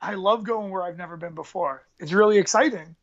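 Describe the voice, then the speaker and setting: A man's voice: high voice, a little fast, crowd noise. Rambling New man, lo-fi. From New York area. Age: 30s. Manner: rambling, storytelling, hyped street slang. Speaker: MMA fighter and coach. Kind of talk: casual podcast interview.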